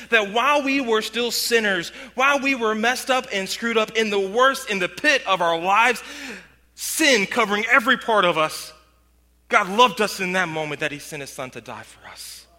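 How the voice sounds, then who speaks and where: A man preaches a sermon in an earnest voice that sits high and rings very bright. He slows and drops to near-quiet for emphasis. The sound carries a long reverb from a large hall. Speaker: pastor.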